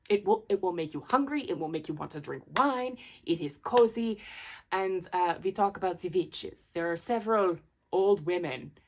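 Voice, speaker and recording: Gushy woman talking books, kinda husky, lowish voice, rambles a lot. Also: lively intonation, normal speed. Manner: chatty, enthusiastic, rambling with fillers. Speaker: book vlogger. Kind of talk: casual book review chat.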